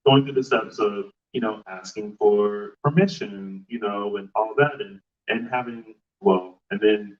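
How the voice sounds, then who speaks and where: A man hosts a relaxed live chat, asking his guests questions in a stop-and-start way. He sits well back from the microphone. The sound is dull and muffled, like a rough first try at live streaming. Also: on the low side. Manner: halting, full of "you know" fillers. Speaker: podcast host interviewing guests. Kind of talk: casual live interview. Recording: muffled live stream audio, distant mic.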